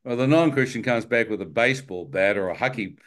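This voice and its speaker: A man telling his own story with lively, self-mocking humour, breaking into chuckles as he goes. His voice sits at an ordinary middle pitch. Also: brisk. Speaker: testimony speaker. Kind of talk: personal testimony storytelling.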